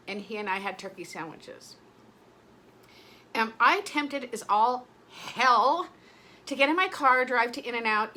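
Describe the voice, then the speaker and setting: Bright and forceful in a mid-range voice, a middle-aged woman talks casually to her vlog audience. Her speech wanders and turns emotional, frequently breaking off before sentences finish.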